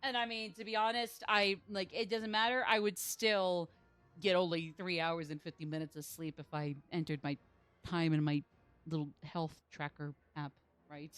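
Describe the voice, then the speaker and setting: A woman's voice: on the low side, steady tone, moderate pace, fairly bright tone, clear, resonant tone, soft background music. A sleep-deprived young woman streaming a game, chatting casually in a rambling, self-deprecating way. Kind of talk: casual live-stream chat.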